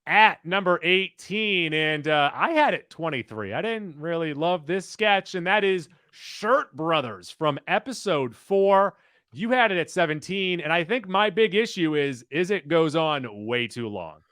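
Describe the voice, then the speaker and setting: Podcast cohost guy counting down a list, bright voice, dry close mic. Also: on the high side, unhurried, no room sound. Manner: reads out rankings in a steady, list-like way. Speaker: podcast co-host. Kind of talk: casual chat.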